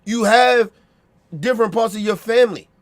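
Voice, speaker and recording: A man's voice: high-pitched, moderate pace. A man with a Baltimore accent giving a blunt, profane opinion rant, repeating himself and checking that listeners agree.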